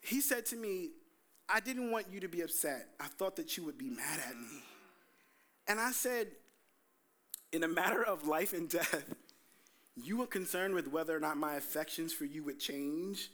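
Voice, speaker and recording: A man's voice: on the high side, normal speed. A young adult man, preaching a sermon as pastor, telling stories animatedly and acting out quotes. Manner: animated storytelling, quoting himself in voices.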